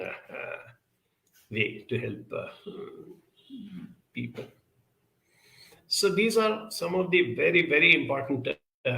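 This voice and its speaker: A man giving a measured, earnest self-help talk, pausing often with fillers as he answers viewer questions. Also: mid-range voice, creaky, bright, forceful tone, reverberant, low-quality recording. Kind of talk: reflective talk.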